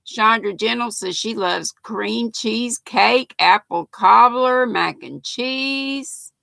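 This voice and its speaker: A woman's voice: fairly high pitch, slow, creaky, sharp tone, dry recording. An older woman hosts a casual livestream, reading viewers' comments aloud in a chatty, folksy way. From North Carolina, US. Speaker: livestream host.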